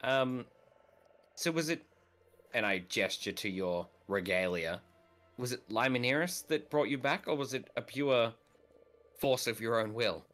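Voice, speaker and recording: A man's voice: medium pitch, animated, a little slow, pauses often, fairly bright tone, soft background music. A man playing a tabletop game, joking and slipping into character. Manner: playful, joking, drifts into character voice. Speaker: player. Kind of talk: casual tabletop role-play.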